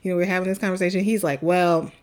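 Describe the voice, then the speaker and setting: A woman's voice: fairly low pitch, flat delivery, very fast. A woman in her thirties co-hosting a casual podcast, chatting and laughing easily as she tells stories about her children. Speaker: podcast co-host. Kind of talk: casual chat.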